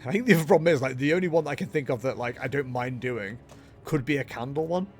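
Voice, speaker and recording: Soft background music plays as a young man streams a game, cracking jokes, mocking himself and talking with his chat. He speaks fast at a medium pitch with a darkish tone.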